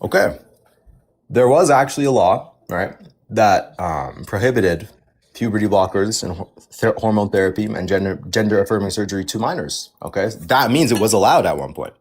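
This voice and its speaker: A man's voice: fairly low pitch, expressive, normal speed. A man from Canada, a guest on a live-stream debate, self-assured and defiant, talking over others on an online call.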